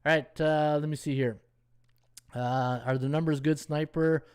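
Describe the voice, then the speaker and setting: A man's voice: on the high side, steady tone, unhurried, clear, resonant tone. A man hosting a casual sports betting live stream, rambling and thinking aloud as he scrolls through stats and thanks viewers. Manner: reads viewer comments and thanks them. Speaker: sports betting handicapper and host.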